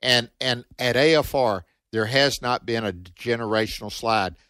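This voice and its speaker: A man with a Southern accent, a preacher co-hosting a radio ministry show, talking in a steady, sermon-like way. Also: medium pitch, normal speed, no echo.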